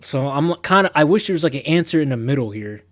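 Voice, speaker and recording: A man's voice: fairly high pitch, lively intonation, fast, no echo, clean studio sound. A young man on a live stream, chatting casually and rambling in a laid-back, slangy, self-mocking way as he reads quiz questions aloud.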